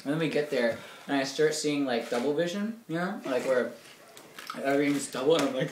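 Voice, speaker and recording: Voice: medium pitch, fairly quick. A young college student telling a story casually, acting out the quotes, swearing and laughing along the way. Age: young adult. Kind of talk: animated storytelling. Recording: noisy echoey room, mic far off.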